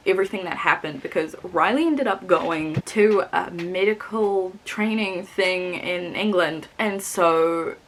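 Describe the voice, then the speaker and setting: A young woman vlogger casually reviewing a book she read, animated and laughing often, swearing freely. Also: lowish voice, a little slow, hardly any pauses, slight background noise.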